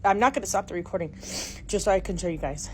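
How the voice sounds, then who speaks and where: A middle-aged woman talks into her phone camera inside her house, panicky and breathless, slipping between whispers and exclamations. Her pitch sits in an ordinary middle range. Household noise is clearly heard behind her. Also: quick pace. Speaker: homeowner filming at home. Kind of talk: frightened phone video narration.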